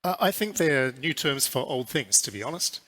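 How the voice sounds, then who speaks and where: NZ-accented male exec, bright mid-pitched voice, steady conference interview delivery. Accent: New Zealand. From New Zealand. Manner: measured, businesslike, with frequent fillers. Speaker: airline CEO.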